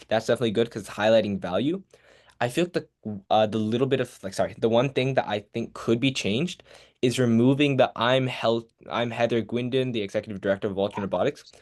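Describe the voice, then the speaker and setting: A man's voice: medium pitch, brisk. A teenage boy presenting an online workshop, giving casual, encouraging feedback with many fillers over a video call.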